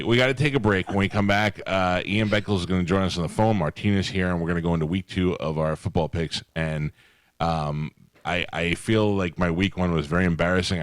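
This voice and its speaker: A middle-aged man with a very low voice hosts a radio show from a studio mic. He tells joking stories with quick asides in loose, casual banter. The sound is dry, with no room echo. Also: steady tone. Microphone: studio microphone.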